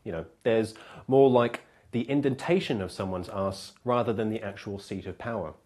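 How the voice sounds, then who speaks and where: A man's voice: fairly low pitch, normal speed, darkish tone. A man hosting a comedy club, delivering a stand-up monologue and laughing at his own jokes.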